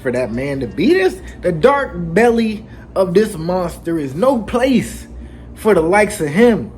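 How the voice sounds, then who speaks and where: A man's voice: sits high, sing-song, a little slow, darkish tone, faint music behind, pitched below the performer's own voice. A man voicing two jovial old giant warriors in a recap, with laid-back slangy banter. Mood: friendly.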